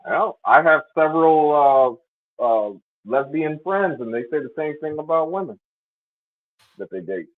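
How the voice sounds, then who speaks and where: A man joining a panel talk, speaking haltingly with many fillers. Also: a little high, expressive, phone-quality sound, a little hiss or hum. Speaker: panel guest.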